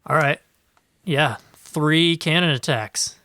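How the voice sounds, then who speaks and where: A man's voice: fairly high pitch, takes it slowly, background noise. A man playing a tabletop game, laid-back and joking with his group. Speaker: player. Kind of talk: casual game chat.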